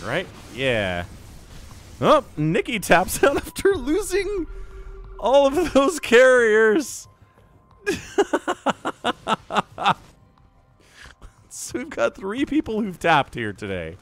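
A young man casting a strategy game match, excitable and rambling, laughing and shouting at big plays. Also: on the high side. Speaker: game caster. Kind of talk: esports commentary.

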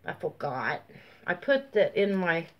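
A woman chatting casually as she shows off craft mail, gushing and drawn-out, sleepy and yawning. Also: fairly low pitch, sing-song, muffled recording. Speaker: craft vlogger. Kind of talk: casual show-and-tell chat.

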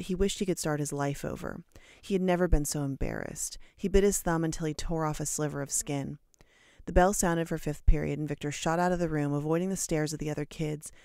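An audiobook reader narrating a short story in a steady, measured way. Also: medium pitch, vocal fry, no room sound, studio quality. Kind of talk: storybook narration read aloud.

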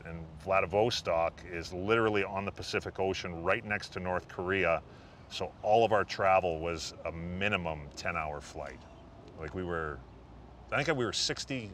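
A middle-aged man, a retired hockey player as an interview guest, telling relaxed, self-deprecating stories with lots of fillers. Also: low voice, a little hiss or hum. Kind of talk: casual interview storytelling.

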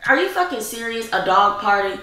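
A young woman vlogger in brash, mocking, casual prank-video banter, loud and swearing. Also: a little high, sing-song, a little fast, a little hiss or hum.

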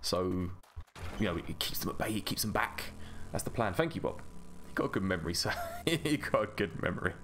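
A man's voice: low-pitched, lively intonation, quick pace, creaky, fairly bright tone, slight background noise. A man hosting a gaming channel, chatting through gameplay in a rambling, self-mocking way. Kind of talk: casual gameplay commentary.

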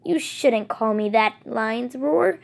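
A woman reading the part of an old white she-cat, a wistful stone teller, speaking softly with sighs. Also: on the high side, expressive, takes it slowly, vocal fry, heavily acted. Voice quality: soft, sighing delivery.

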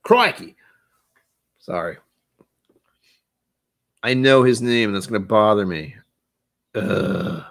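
Rambling, jokey man with a lowish voice. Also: slow pace, gravelly, pauses often. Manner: rambling, jokey, talks to chat. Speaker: whiskey tasting streamer. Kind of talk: casual live-stream chat.

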